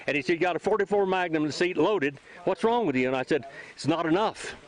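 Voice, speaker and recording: A man's voice: high voice, lively intonation, quick pace, rough recording. Older man telling a rambling story. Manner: rambling, repeats himself, acts out quotes. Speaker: host and sighting witness. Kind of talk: casual storytelling chat. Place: outdoors near a trailhead.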